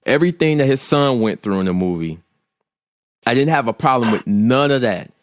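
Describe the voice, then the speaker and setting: A man's voice: mid-range voice, animated, normal speed, dry recording, studio quality. A man in his thirties co-hosting a casual podcast chat, blunt and opinionated, often repeating himself. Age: 30s. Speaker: podcast co-host.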